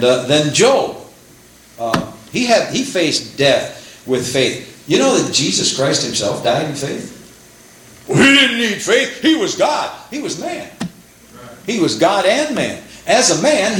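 An older man preaching a sermon in a church, animated, rising to exclaim praises, with frequent restarts. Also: on the high side. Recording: echoey room with faint hum.

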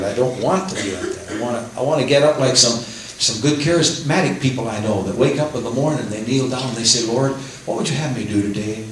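A man preaching a sermon, quoting scripture and acting out prayers in an animated way. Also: mid-range voice. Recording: very echoey room with faint hiss.

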